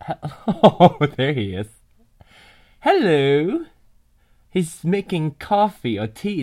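A man with a mid-range, mellow voice talks slowly from his bed, with long pauses and huge swings in pitch. He rambles live into a binaural mic on his computer, laughing frequently and cursing casually.

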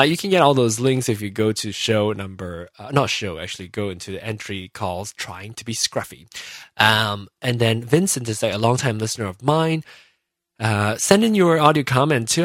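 A man's voice: medium pitch, a bit bright, dry recording. Rambling, self-mocking male podcast host. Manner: rambling and self-mocking, many fillers and restarts. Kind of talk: casual solo podcast chat.

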